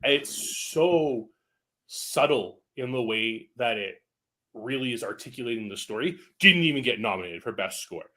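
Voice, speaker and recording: A man's voice: mid-range voice, expressive, normal speed, pushed and bright. A man co-hosting a casual film podcast, gushing with enthusiasm and leaning on fillers like "like.". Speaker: podcast co-host. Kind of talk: casual chat.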